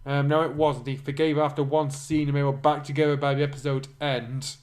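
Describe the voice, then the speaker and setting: A man's voice: a little high, little pitch movement, brisk, darkish tone. Dry, mocking man reading a fan story. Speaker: reader and commentator. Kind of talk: sarcastic fanfic reading.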